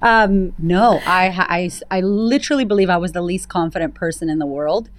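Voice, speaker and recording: A woman's voice: on the low side, normal speed, dry recording. A woman talking openly and emphatically as a guest on an interview podcast, telling her story. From United States. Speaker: podcast guest, confidence coach. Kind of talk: candid interview conversation.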